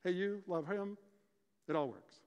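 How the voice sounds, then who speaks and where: A man preaching a sermon, explaining scripture and telling stories with lively, acted-out dialogue. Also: high voice, unhurried, smooth, muffled recording. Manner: animated storytelling, acts out dialogue. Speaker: pastor. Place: church sanctuary. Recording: church hall reverb.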